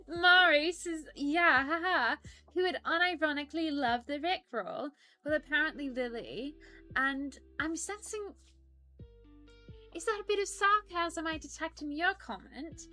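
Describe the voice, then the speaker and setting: A woman's voice: sits high, takes it slowly, sharp tone, faint music behind, full character voice. A woman voicing a prim, polite persona who reads live-stream chat aloud and apologizes often. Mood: prim chatty. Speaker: stream co-host reading chat.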